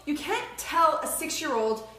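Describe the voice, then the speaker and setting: Earnest high-voiced woman co-host. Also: sing-song, unhurried, pushed and bright, echoey room. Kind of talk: casual parenting talk.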